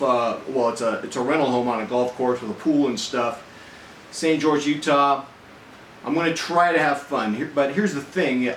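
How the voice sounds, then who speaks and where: A middle-aged man vlogging a deadpan, rambling monologue to the camera, with lots of fillers. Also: medium pitch, slight background noise. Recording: echoey room, faint ambience.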